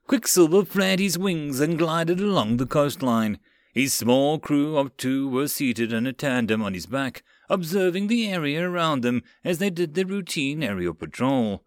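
A man reading a web novel audiobook aloud in an expressive, animated way. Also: medium pitch, no room sound, studio quality. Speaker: audiobook narrator. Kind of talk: audiobook narration.

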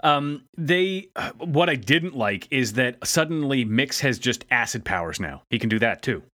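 Animated man recapping a cartoon episode. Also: mid-range voice, no room sound, studio quality. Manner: animated, jokey, mimics characters in quick asides. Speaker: podcast co-host. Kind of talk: casual episode recap chat.

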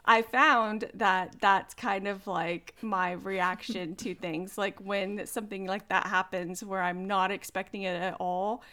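A woman in her thirties co-hosts a casual podcast. Her voice is smooth and resonant at a middling pitch, and she rambles along with plenty of fillers and laughter. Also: steady tone, unhurried, hardly any pauses, sharp tone. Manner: chatty, lots of fillers and laughter. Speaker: podcast co-host. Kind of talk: casual chat.

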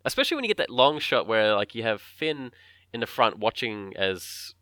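A man casually talking through a film scene by scene, often acting out characters' lines in quick voices. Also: mid-range voice, big pitch swings, pushed and bright, no echo, studio quality.

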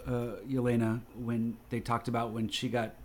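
A man's voice: medium pitch, completely flat delivery, moderate pace. A man with a mid-range voice joins a casual pop-culture chat. He talks eagerly about favourite scenes and chuckles as he goes.

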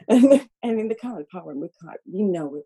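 Spanish woman, Scottish-tinged accent, podcast guest, soft husky mellow voice, laughs a lot. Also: mid-range voice, expressive, normal speed. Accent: Spanish with a Scottish lilt. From Spain. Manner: laughs often, rambling with restarts. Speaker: podcast guest, focus puller. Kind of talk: casual interview chat.

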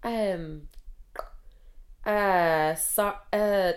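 Young Irish woman, slightly low voice, casual sweary storyteller with loud animated rants. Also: brisk. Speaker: podcast storyteller.

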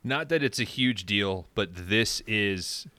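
A man with a very low voice that still carries a bright, forceful edge, trading sarcastic comments about a film. The recording is dry and close, with no room sound. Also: lively intonation, takes it slowly, no room sound. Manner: wry, sarcastic asides. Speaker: podcast co-host. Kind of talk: casual movie recap chat.

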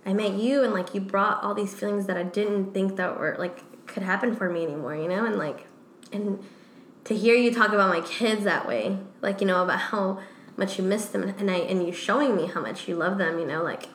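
A woman's voice: medium pitch, a little fast. A woman in her thirties co-hosting a podcast, talking candidly and emotionally, laughing often and saying "like" a lot. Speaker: podcast co-host. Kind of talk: casual podcast chat. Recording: echoey room with faint noise.

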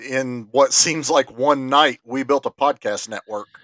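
A man's voice: mid-range voice, unhurried, fairly bright tone, dry recording. Laid-back teasing podcast co-host man. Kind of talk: casual chat.

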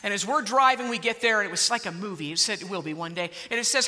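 A middle-aged woman gives a lively story-driven speech with a very bright, sharp voice. She tumbles over repeated words when she gets worked up, and her voice rings out with the long reverb of a big hall. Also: mid-range voice, fast, hardly any pauses. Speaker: public speaker.

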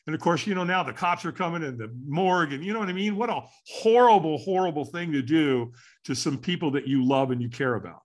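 An older man from California, a guest in an interview, tells his personal story earnestly and candidly, voicing his own past thoughts aloud. His voice is a little high and he talks fast.

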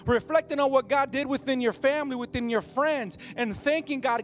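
A man's voice: very high voice, moderate pace, hardly any pauses. A man, a pastor with a young child, preaching a sermon with a passionate, repetitive cadence that builds phrase by phrase.

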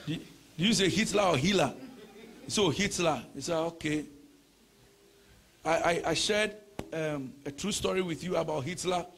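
A man preaching a sermon, moving from shouted, sing-song prayer to conversational teaching full of rhetorical questions. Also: fairly high pitch, vocal fry. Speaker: pastor.

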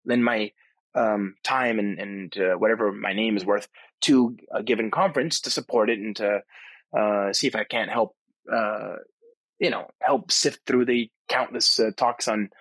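A man's voice: fairly low pitch, a little slow, fairly bright tone, no echo. A man hosting a podcast, talking casually and enthusiastically on location at a conference, rambling with many fillers and restarts. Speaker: podcast host. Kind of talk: casual spoken monologue. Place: on location at a tech conference abroad.

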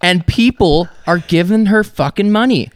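A man's voice: sits high, expressive, normal speed, no echo, studio quality. A young adult man from Alberta, Canada, a podcast guest telling a profane, ranting story in casual talk. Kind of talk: casual storytelling with heavy swearing.

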